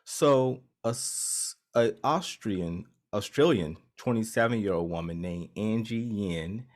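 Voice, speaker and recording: Low-pitched guy cohosting a podcast, casual, lots of um and restarts. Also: slow pace. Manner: rambling, many ums and restarts. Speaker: podcast co-host. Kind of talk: casual chat.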